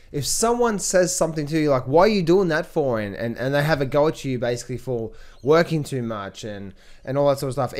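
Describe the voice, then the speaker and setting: A man speaking casually to the camera as a trading coach. He talks in an energetic, motivational way, with frequent restarts and repetition. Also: mid-range voice. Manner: rambling, repetitive, lots of fillers and restarts.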